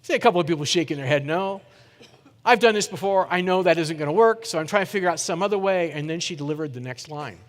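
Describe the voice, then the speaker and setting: A middle-aged man giving a keynote talk, telling a story in a lively way and putting questions to the audience. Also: a little high, rapid-fire, few pauses. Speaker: keynote speaker. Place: conference hall. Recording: reverberant conference hall.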